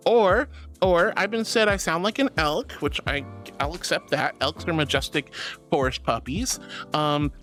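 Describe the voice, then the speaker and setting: A woman's voice: unhurried, soft background music. A woman streamer reading out chat messages in a bubbly, affectionate way, calling her viewers sweetheart and darling. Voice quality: squeaky laugh.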